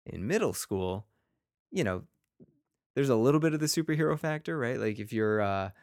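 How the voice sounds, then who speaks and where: A man's voice: mid-range voice, expressive, normal speed, darkish tone, no echo, clean studio sound. A man, a teacher hosting his own podcast, talking casually and rambling a little, with self-deprecating asides and playful quotes of his students.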